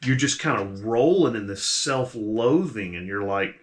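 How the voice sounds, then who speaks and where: A man's voice: mid-range voice, animated, moderate pace. A man narrating as the game master of a tabletop role-playing game, in a casual, rambling way with many fillers.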